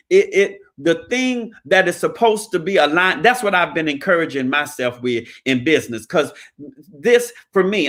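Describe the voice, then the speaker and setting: A man's voice: a little high, fairly bright tone. A man, talking in a preachy, emphatic, folksy way, giving motivational talk about credit. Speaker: credit repair business owner.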